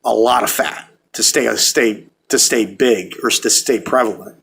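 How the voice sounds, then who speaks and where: A man's voice: medium pitch, unhurried, vocal fry, fairly bright tone, husky. A man hosting a casual podcast chat, blunt and profane, laughing often. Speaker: podcast host.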